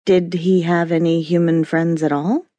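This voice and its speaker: A woman narrating a romance audiobook in an expressive storytelling manner, close to a studio mic. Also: fairly low pitch, measured pace, dry recording, dull audio. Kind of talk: scripted narration.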